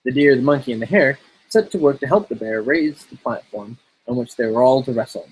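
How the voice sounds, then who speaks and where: A man casually reading a fairy tale aloud in a relaxed, steady way. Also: medium pitch, fairly quick, a little hiss or hum, low-quality recording. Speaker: storyteller.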